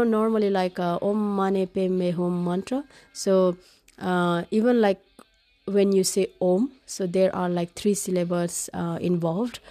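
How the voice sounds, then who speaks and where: A woman's voice: medium pitch, darkish tone. A woman who is sick with a cough, casually reading from a web page and explaining it in plain words, as a parent and vlogger.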